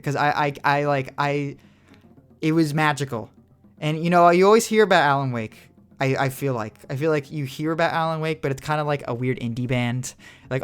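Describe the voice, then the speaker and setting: A man's voice: medium pitch, fairly quick, smooth. A young man co-hosting a podcast, rambling in casual chat with lots of "like" fillers and casual swearing. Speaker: podcast co-host.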